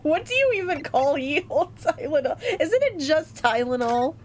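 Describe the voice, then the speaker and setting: A woman's voice: sits high, big pitch swings, moderate pace. A woman streamer chatting casually while playing a game, laughing often. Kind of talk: casual live-stream chat. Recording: lo-fi music playing behind.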